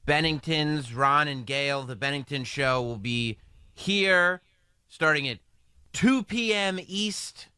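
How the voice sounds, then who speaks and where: Bright-voiced male radio host. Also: medium pitch, clear, resonant tone, no room sound, studio quality. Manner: announcer-like wrap-up. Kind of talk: show sign-off.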